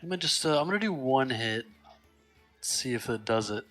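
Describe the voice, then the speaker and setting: A man's voice: medium pitch, expressive, brisk, a bit bright, faint music behind. A man playing in a tabletop game, laid-back and joking, swearing casually. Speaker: player.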